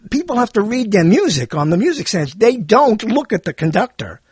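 A man giving a rambling spoken monologue, animated and digressive, often correcting himself mid-sentence. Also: sits high, brisk, breathy edge, dry recording. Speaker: monologue speaker.

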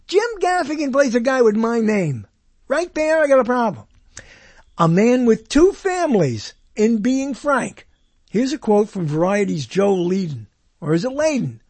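Husky, animated man hosting a movie countdown. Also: very high voice, no echo. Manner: jokey and rambling, corrects himself often. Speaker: host counting down badly reviewed movies. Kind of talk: casual solo commentary.

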